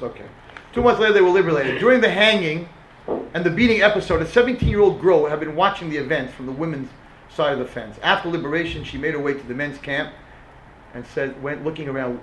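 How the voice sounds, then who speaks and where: A man giving a dramatic storytelling talk as a religious speaker, animated and mixing in Hebrew and Yiddish terms. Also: medium pitch, a little hiss or hum. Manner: animated, rising to impassioned shouts. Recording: roomy echoing room.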